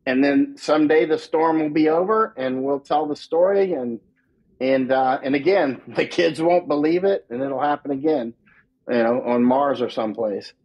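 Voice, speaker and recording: A husky man with a somewhat high voice talks as a guest in a casual interview. He is emphatic and repeats himself, and he often laughs at his own lines. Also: normal speed, a little mellow, dull audio. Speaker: war correspondent guest.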